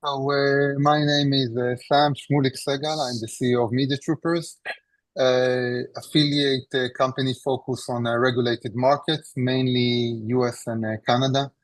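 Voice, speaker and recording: A man's voice: mid-range voice, no echo, low-quality recording. A man introducing himself as a panelist on an online panel, hesitant and full of filler sounds. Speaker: panelist, company CEO. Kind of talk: panel discussion. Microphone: video call.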